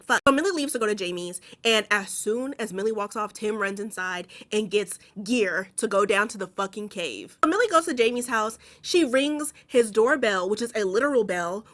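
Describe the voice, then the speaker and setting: Profane chatty woman recapping a movie. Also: mid-range voice. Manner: profane, animated storytelling with acted-out quotes.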